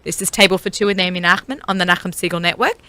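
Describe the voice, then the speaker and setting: Bright-voiced chatty woman radio host. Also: lowish voice, very fast, no echo. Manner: chatty, laughs often, many fillers. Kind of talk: casual radio chat. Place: radio studio.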